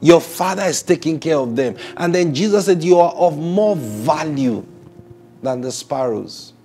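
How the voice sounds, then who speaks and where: A man preaching a sermon, emphatic, laughing often and climbing to loud high peaks on key lines. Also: lively intonation, a little slow, faint music behind. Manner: laughs often between points.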